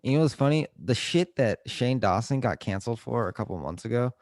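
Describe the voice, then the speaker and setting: A man's voice: mid-range voice, animated, brisk, darkish tone, no room sound. A young man in his twenties co-hosting a podcast, chatting casually and joking with loose, profane language. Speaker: podcast co-host. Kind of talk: casual chat.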